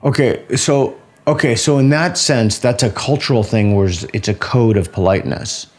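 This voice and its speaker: A man's voice: mid-range voice, normal speed. A man in a conversation who talks directly and cuts in to question what is said. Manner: direct, interrupting. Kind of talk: conversational interview.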